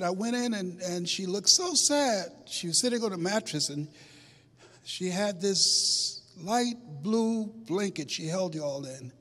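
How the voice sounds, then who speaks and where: Male motivational speaker, dramatic live storyteller, high voice, long hall reverb. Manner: dramatic, swings from hushed to shouting. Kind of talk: storytelling speech to a live audience.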